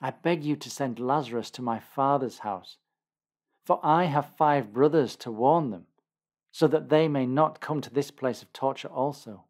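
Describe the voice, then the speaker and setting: A man's voice: mid-range voice, moderate pace, a little mellow, pitched above the performer's own voice, natural voice. Tormented rich man, imploring, read by a male narrator; light pleading lift.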